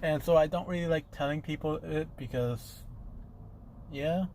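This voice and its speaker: A man voicing a nervous, secretive teenage boy hero who speaks in a halting, hesitant way. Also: on the high side, a little mellow, a little hiss or hum, voice pushed up, close to an everyday voice.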